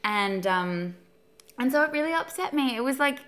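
A woman in casual chat as a podcast co-host, talking fast with lots of fillers and frequent laughs. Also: sits high, animated, a bit bright.

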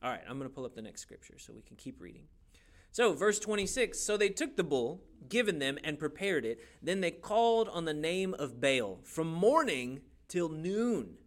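A man's voice: on the high side, sing-song, moderate pace. A man teaching a youth Bible class in a casual, joking way, asking the class questions as he goes.

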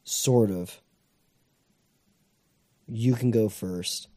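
A man's voice: lowish voice, drawn-out words, mellow. A man co-hosting a podcast, speaking in casual chat with hesitant, hedging remarks and brief replies. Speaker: podcast co-host.

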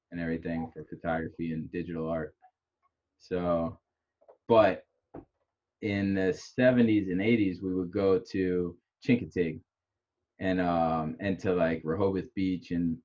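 A man's voice: low voice, darkish tone. A middle-aged man with a slight Chicago accent, hosting a casual chat and rambling through many fillers and restarts. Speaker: podcast host. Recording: dull lo-fi audio.

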